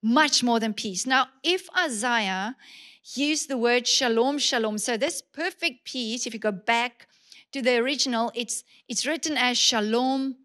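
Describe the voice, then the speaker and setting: A woman pastor with a high voice preaches a sermon. She is emphatic, repeats key words for weight, and keeps asking her congregation direct questions. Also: unhurried, a bit bright.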